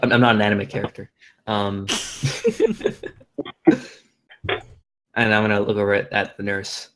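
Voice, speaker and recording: Guy playing a tabletop game, kinda low voice, laid-back, some faint noise. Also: level tone, unhurried. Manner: casual, laughs easily. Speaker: player. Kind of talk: casual tabletop play.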